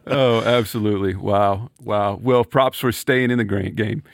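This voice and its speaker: A man co-hosting a podcast in a casual, animated chat, laughing often and restarting his sentences. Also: on the low side, a little slow, vocal fry, dry recording, studio quality. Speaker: podcast co-host.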